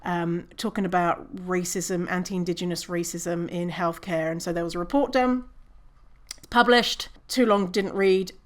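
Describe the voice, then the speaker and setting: A woman's voice: fairly low pitch, fairly even intonation, a little slow. Chatty woman podcast host. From British Columbia, Canada. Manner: chatty, swears casually, laughs at herself. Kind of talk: casual solo podcast talk.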